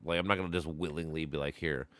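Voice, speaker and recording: A man with a very low voice chats casually on a stream, blunt and full of swearing. He laughs often between points. Faint noise sits under the voice. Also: fairly even intonation, very fast, fairly bright tone. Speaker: stream host. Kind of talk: casual profane chat.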